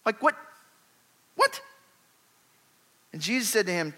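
A man preaching with a bright, forward voice that sits a little high. He retells scripture in an animated, conversational way, punching key words with sudden rises. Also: unhurried, pauses often. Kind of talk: sermon.

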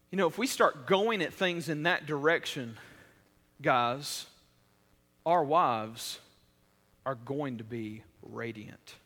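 A man preaching a sermon in a casual, conversational way, with many restarts, swinging between loud emphasis and quiet, intimate stretches. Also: a little high, lively intonation, a little slow, pauses often, long reverb tail. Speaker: pastor.

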